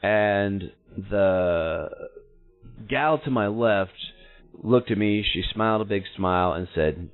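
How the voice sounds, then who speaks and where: A man's voice: fairly low pitch, takes it slowly, clean tone, faint music behind. Blunt man telling a story over a phone-thin line. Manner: blunt, salty, self-mocking. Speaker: podcast host. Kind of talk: storytelling monologue. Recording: narrow phone-like sound.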